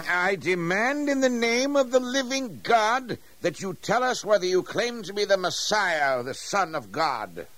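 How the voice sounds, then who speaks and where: An actor playing a pompous male high priest in a radio drama, blustering with slow fillers and throat-clearing. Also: big pitch swings, a bit bright, no room sound, exaggerated voice. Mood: demanding.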